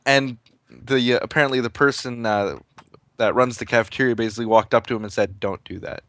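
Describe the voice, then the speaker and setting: A man's voice: mid-range voice, fairly even intonation, a little fast, fairly bright tone. A young man, a guest on a game chat, bantering and joking playfully. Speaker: guest co-host. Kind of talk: casual chat while playing a game.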